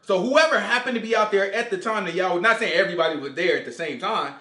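Man, casual Bible study teacher, acts out dialogue, bright tone, roomy echo. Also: high voice, fast. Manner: animated, quizzes listeners, acts out dialogue. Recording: echoey room.

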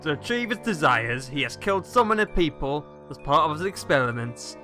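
A man voicing a sinister male salesman who speaks in a suave, deliberate way. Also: fairly high pitch, big pitch swings, sharp tone, soft background music. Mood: ominous.

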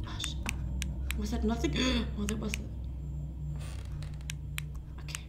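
A woman's voice: fairly high pitch, little pitch movement, takes it slowly, pauses often. A woman playing a horror game on stream, talking to the screen, laughing and getting startled. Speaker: gaming streamer. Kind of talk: live horror game commentary. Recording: echoey room with clear background noise.

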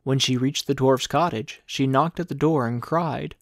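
A man reads a classic fairy tale aloud in a measured, clear storybook manner. His voice sits in a middle register. The sound is dry and close, with no room around it. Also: mid-range voice, dry recording. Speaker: audiobook narrator. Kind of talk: storybook read-aloud narration.

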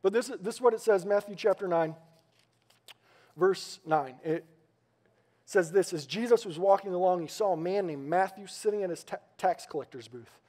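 A man preaching a sermon to a congregation, telling a story in an animated, playful way with asides to the crowd. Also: high-pitched, moderate pace. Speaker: pastor. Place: church sanctuary before a congregation.

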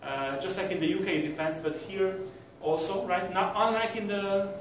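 A man's voice: sits high, steady tone, moderate pace, slight background noise. A man giving a university lecture, hesitant, with many fillers and restarts. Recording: very echoey room from far off.

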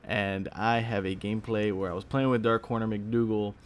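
Speaking at a normal pace in a steady, lowish tone, a tired young Texan rambles about the gaming videos he makes for YouTube. The casual vlog talk is packed with fillers and restarts, and there's faint noise in the background.

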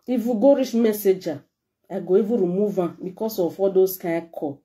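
Emotional Nigerian woman vlogger, warm voice. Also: medium pitch, moderate pace. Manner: heartfelt, emotional, pleading. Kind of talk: emotional direct-to-camera message.

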